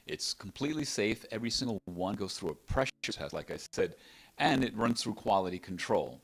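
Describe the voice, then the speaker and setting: A man with a low, deep voice describes his invention in a relaxed interview. He talks with enthusiasm, rambling and restarting his sentences. The conversation was recorded in an apartment. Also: husky. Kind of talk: casual product interview.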